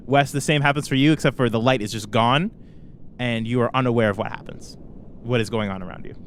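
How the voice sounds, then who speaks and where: A man narrating as game master for a tabletop game, loose and hesitant with many pauses. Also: mid-range voice. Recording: faint background noise.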